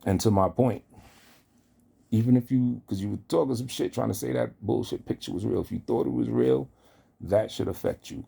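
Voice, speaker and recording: A man's voice: mid-range voice, normal speed, creaky, dark tone, breathy edge. A man delivering a heated, profane callout rant, speaking straight at the person he confronts. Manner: confrontational, profane, addresses target directly. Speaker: online commentator.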